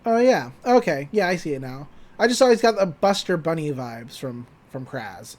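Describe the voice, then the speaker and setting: A woman's voice: low-pitched, normal speed. A woman co-hosting a podcast, animatedly recapping a cartoon episode and acting out the characters' lines. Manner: animated retelling, acting out lines, laughing often. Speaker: podcast co-host. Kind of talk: casual recap chat.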